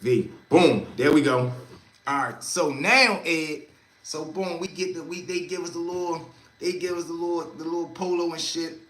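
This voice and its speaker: A young man tells a story to his live chat, animated and loose, slipping into other people's voices as the tale rolls on. His voice sits a bit high and sounds bright and forceful. The room around him is echoey. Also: normal speed. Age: young adult. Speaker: livestream storyteller.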